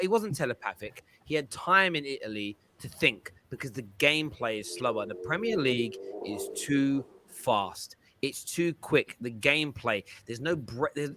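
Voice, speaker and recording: A man hosting a casual football chat over a video call, animated and emphatic. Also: mid-range voice. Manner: animated, emphatic, swings loud and soft. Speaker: show host.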